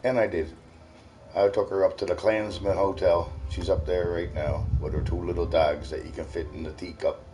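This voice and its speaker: A man's voice: low voice, little pitch movement, normal speed, rough recording. A man from Cape Breton with a Cape Breton accent, telling a folksy story to viewers outdoors in the snow. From Cape Breton, Nova Scotia, Canada. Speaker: vlogger.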